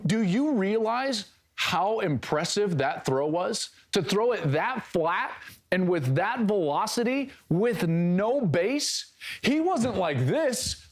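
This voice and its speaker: Excitable man breaking down football film. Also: sits high. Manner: excitable, exclamatory. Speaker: college football analyst.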